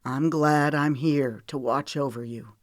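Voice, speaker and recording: A weary, protective man, as a woman narrator puts him on in an audiobook. He talks bluntly and earnestly in a low register. The recording is close and dry. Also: fairly even intonation, a little slow, no room sound. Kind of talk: audiobook character voice.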